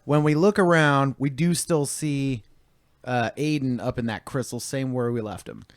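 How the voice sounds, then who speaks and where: A man's voice: medium pitch, steady tone, moderate pace. A man playing a tabletop game, joking and asking questions in a playful way. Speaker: player. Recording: echoey room with reverb.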